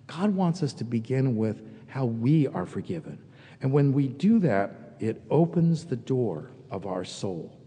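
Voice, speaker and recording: A man preaching a sermon as pastor, reflective and quietly confessional, rising to emphatic peaks. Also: medium pitch, slightly rough, long reverb tail.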